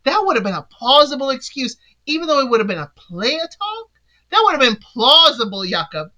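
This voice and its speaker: A woman's voice: high-pitched, very animated, a little fast, pushed and bright, poor audio. A woman hosting a podcast, recapping a reality show in a chatty style and firing sassy asides at the cast. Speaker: podcast host. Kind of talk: casual recap commentary.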